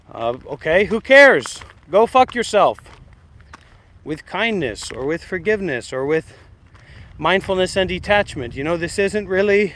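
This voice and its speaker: A man's voice: high-pitched, expressive, a little slow, fairly bright tone. A man hosting a meditation livestream, talking bluntly and rambling in a confrontational way as he answers his critics. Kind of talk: casual livestream rant.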